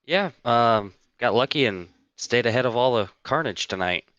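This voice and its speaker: A man who is a sim racing driver, calmly giving short, plain answers after the race. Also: medium pitch, moderate pace, no room sound, highs cut off. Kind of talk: post-race interview answers.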